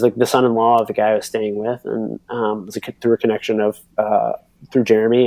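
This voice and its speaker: A man in his thirties telling a racing story on a podcast, rambling and animated with lots of fillers and acted-out quotes. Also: medium pitch, vocal fry, no room sound. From United States. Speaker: podcast guest, pro cyclocross racer. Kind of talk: casual storytelling.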